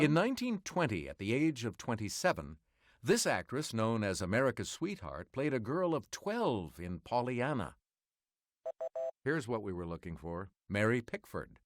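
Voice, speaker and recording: A man hosting a quiz game, reading clues and answers in a crisp, measured announcer delivery. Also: fairly low pitch, dry recording, studio quality. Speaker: quiz show host.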